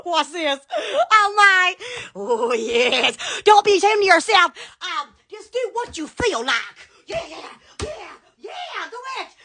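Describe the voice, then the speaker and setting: A woman's voice: extremely high pitch, sing-song, takes it slowly, bright, forceful tone. A woman hosting a casual live stream on her phone, giggling and exclaiming constantly.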